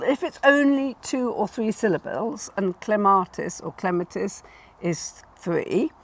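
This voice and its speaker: A woman hosting a casual chat about plant names, instructive and quick to laugh, repeating words to stress them. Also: mid-range voice, gravelly. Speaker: garden designer and host.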